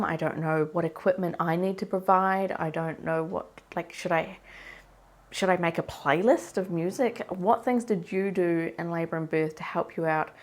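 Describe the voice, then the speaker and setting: A young woman speaks to her camera in a loose, rambling diary style, her voice stuffy and blocked from a cold. She talks in a fairly low register for a woman, circling through worried questions and restarting her sentences as her nerves show. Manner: anxious, rambling, self-questioning. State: congested from a cold. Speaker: vlogger. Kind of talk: casual diary vlog.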